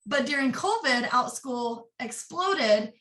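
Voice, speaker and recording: A woman's voice: sits high, animated, fairly bright tone. Roomy, distant young woman telling her story. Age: 20s. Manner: earnest and open, rushing in quick bursts. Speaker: interview guest. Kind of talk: candid personal storytelling. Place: office. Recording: roomy echo, distant mic.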